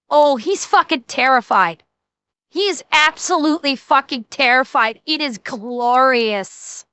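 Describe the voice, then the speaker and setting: A woman's voice: high voice, measured pace, bright, forceful tone, clean tone, dry recording. A woman streamer giving casual, crude and mocking reaction commentary, swearing freely.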